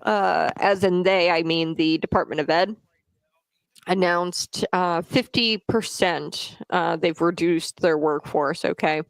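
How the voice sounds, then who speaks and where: Female talk host, casual political commentary, raspy fry-edged voice, loose and chatty delivery. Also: lowish voice, takes it slowly, no echo. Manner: chatty, frequently tags "okay?"; stumbles over names.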